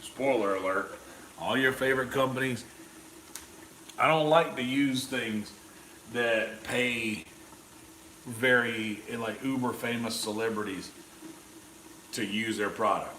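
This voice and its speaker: A man's voice: mid-range voice, slow pace, pauses often, bright, forceful tone, far from the mic. An opinionated man rambles casually on a cooking livestream, swearing as he goes. He sits a bit back from the mic in a roomy space with a faint hum behind him. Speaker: streamer host. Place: indoor kitchen.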